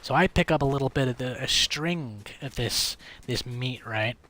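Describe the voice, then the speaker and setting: A man's voice: medium pitch, moderate pace, pushed and bright, a little hiss or hum. A man livestreaming a game late at night, telling a long rambling story in casual chat, swearing freely. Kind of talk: casual chat while gaming.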